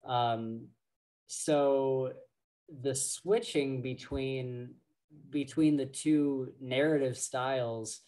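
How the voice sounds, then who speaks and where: Slow, halting male podcast host. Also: medium pitch, fairly even intonation, dark tone. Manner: slow, halting, many fillers and restarts. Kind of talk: casual book discussion.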